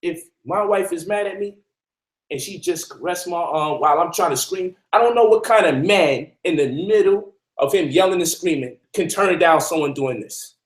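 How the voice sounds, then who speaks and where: Man, high voice, emphatic preachy host, echoey room. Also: moderate pace. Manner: preachy, emphatic, addresses listeners directly. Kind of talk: animated teaching talk.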